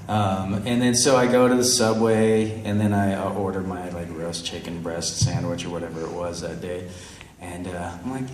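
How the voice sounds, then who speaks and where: A man's voice: sits low, normal speed, slight background noise. A man in his thirties telling a funny story to a live audience, laughing often and acting out the voices in it. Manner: animated, laughing, acts out voices. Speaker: convention panel guest. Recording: roomy hall, mic from far off.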